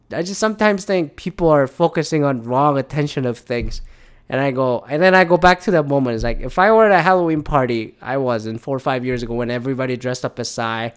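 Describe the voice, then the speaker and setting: A man talks alone into his podcast mic in a loose, rambling monologue. He swears freely and restarts his sentences often. He keeps breaking off into exasperated rhetorical questions. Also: medium pitch. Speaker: podcast host. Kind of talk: casual solo podcast monologue.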